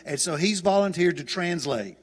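In a church auditorium with long hall reverb and a little hiss or hum, a guest preacher with a Southern US accent delivers a folksy, chatty sermon and often restarts his sentences. His voice is high and expressive at a moderate pace.

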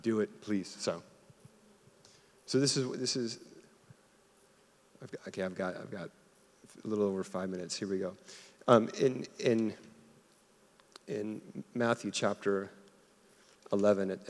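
A young man preaching a sermon, casual and conversational, calling on the congregation to answer back. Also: lowish voice. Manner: casual, conversational preaching with audience call-and-response. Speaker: pastor. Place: church auditorium. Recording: long hall reverb.

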